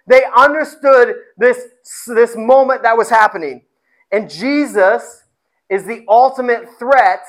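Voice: medium pitch, a bit bright, poor audio. A pastor preaching a sermon with emphasis, often repeating phrases and asking the congregation rhetorical questions.

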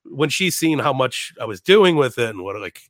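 A young man from Chicago, a podcast guest, tells rambling, animated stories in casual chat, laughing, swearing often, and restarting a lot. His middle-pitched voice moves at normal speed, recorded dry and close with no room echo.

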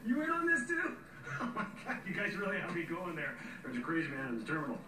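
A man's voice: fairly high pitch, lively intonation, quick pace, close to an everyday voice. Brief: a man as a nervous, jumpy guy with a wildly swinging voice, distant film sound with noise. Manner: flustered, laughing nervously. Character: flustered, easygoing man under interrogation. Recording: distant film audio in an echoey, noisy room.

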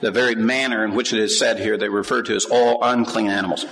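A man preaching a sermon to a congregation. He reads scripture aloud, asks the listeners questions and rises to emphatic, animated peaks. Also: on the low side, fast talker. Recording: long hall reverb.

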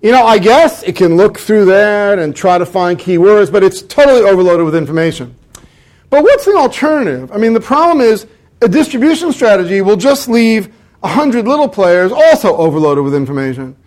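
A man giving a law lecture and taking questions from an audience, with wry, self-mocking humor and lively mock dialogue. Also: high voice, brisk. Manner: animated, fond of mock dialogue. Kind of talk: academic lecture with Q&A. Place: university lecture hall.

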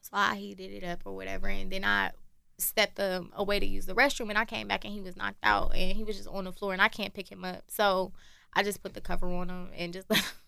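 Slightly fast and gravelly at medium pitch, this podcast co-host comes through in clean studio sound without any room echo. She laughs often while telling animated stories in a relaxed conversation, performing the lines others spoke.

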